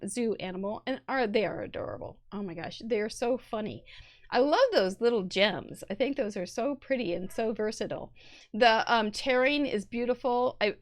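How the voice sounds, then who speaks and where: A middle-aged woman with a Midwestern American accent hosting a live crafting show, chattily reviewing viewer cards with puns and restarts. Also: on the high side. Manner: chatty and punny, rambling with restarts.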